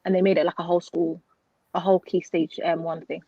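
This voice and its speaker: Brief: woman teacher, quick emphatic talk, lowish voice, dry dull lo-fi sound. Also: little pitch movement, breathy edge, no room sound. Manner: emphatic, advice-giving. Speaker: teacher, co-host. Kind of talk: casual chat.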